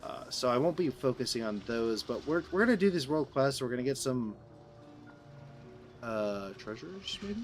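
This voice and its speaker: This is a Midwestern American man talking casually on a live gaming stream, wandering from thought to thought and often restarting his sentences. His pitch sits in a middle range for a man. Faint game music plays underneath him. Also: sing-song, normal speed. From Southern Illinois, USA. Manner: rambling, answers chat, restarts sentences often.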